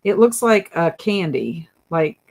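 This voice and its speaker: A woman's voice: fairly low pitch, lively intonation, takes it slowly, a little mellow. A woman hosting a casual livestream, chatting and reading viewer comments aloud, laughing often. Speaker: livestream host.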